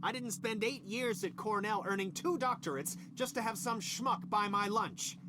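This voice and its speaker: An actor playing an irritable middle-aged scientist boss who snaps sarcastic insults, then makes stiff apologies. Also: male voice, high voice, moderate pace, noisy background, close to an everyday voice. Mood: angry sarcastic. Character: irritable middle-aged male lab boss, hungry and short-tempered. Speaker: senior scientist.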